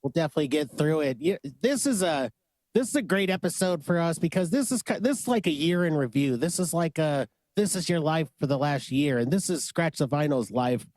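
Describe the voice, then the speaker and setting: A man hosts a podcast with energy despite being sick. His voice sits a little high and sounds dry and close to the mic. He talks up his co-hosts with enthusiasm. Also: a little fast, no echo. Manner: energetic, hypes up guests. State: sick, under the weather. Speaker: podcast host. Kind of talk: upbeat casual chat.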